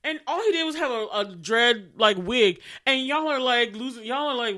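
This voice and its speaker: Casual podcast co-host: a woman with a bright, clear tone, lively and laughing often. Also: a little high, normal speed. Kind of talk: casual chat.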